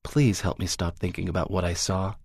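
A timid young boy speaks in soft, hesitant bursts, as a man reads him aloud. His voice sits a little above a low narrating baritone. The recording is dry and close, with no room around it. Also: fairly even intonation, brisk, no room sound. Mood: hushed prayer. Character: anxious young boy near age twelve.

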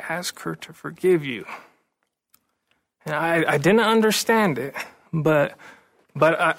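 Earnest man giving a halting testimony. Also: a little high, a bit bright. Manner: halting, repeats words, earnest. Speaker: recovery meeting speaker. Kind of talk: personal testimony.

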